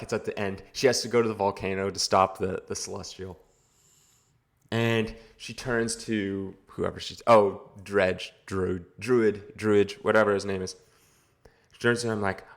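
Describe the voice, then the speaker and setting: A man's voice: lowish voice, moderate pace, creaky, a bit bright. A man giving a casual, rambling movie review, exasperated and full of filler words. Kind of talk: casual video review rant.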